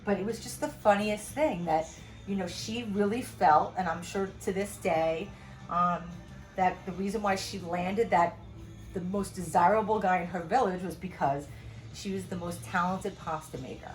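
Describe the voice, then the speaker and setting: A woman's voice: on the low side, normal speed, soft background music. A middle-aged woman chef giving a casual home cooking demonstration, chatty and rambling, full of asides. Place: home kitchen.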